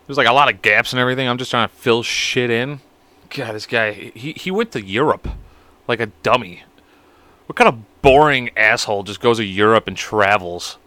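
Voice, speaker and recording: A man's voice: mid-range voice, pushed and bright, no room sound. Profane, rambling man on a solo podcast. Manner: crude, profane, rambling and self-mocking. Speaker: podcast host. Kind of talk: casual solo podcast chat.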